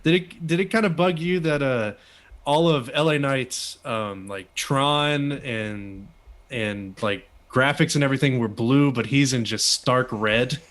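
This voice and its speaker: A man's voice: medium pitch, measured pace, a bit bright. Male co-host, casual joking chat with frequent laughs, plain everyday voice. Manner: jokey, laughs often. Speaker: co-host of a wrestling review show.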